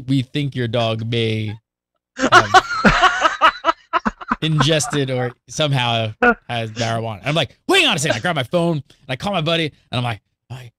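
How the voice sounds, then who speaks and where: A man hosting a casual podcast chat, telling an animated story and acting out the quotes of the people in it. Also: medium pitch, fast talker, no room sound, studio quality. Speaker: show host.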